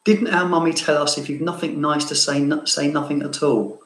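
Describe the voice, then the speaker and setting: A man's voice: fairly high pitch, steady tone, moderate pace, fairly bright tone. Chatty London man in an echoey room. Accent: London with a bit of Cambridge. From southeast London. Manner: chatty, self-mocking, laughs often. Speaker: fragrance vlogger. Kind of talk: casual chat answering viewer questions.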